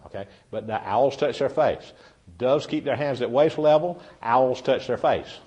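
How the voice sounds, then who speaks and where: Brief: man, seminar speaker, folksy storyteller who chats with the audience, mid-pitched voice. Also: normal speed, darkish tone, lo-fi sound. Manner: folksy storyteller, chatty, addresses the audience directly. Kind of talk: humorous seminar talk to a live audience. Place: meeting room with a live audience.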